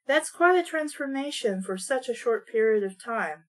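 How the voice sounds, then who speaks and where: A woman's voice: on the high side, expressive, moderate pace, few pauses. A woman reading a novel aloud and breaking off for blunt, sarcastic asides. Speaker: audiobook reader and commentator. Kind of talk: casual reading with sarcastic commentary.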